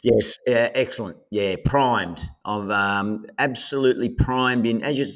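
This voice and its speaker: A man, a podcast guest, talking enthusiastically in casual chat, with halting, repeated words. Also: medium pitch.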